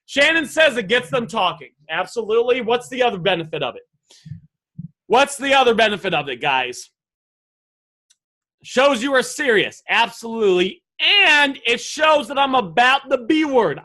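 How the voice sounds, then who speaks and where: A male sales coach teaches a live online sales lesson in a high, bright, forceful voice. Speaking directly to his viewers, he drives his points home with emphatic energy and keeps drawing them in with direct questions.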